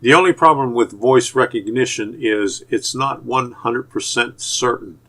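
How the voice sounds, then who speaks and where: A man from Pittsburgh with a Pittsburgh accent, giving YouTube channel tips in a casual, halting way full of "uh" fillers and restarts. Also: mid-range voice, pushed and bright. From Pittsburgh, USA. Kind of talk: casual tutorial talk to camera.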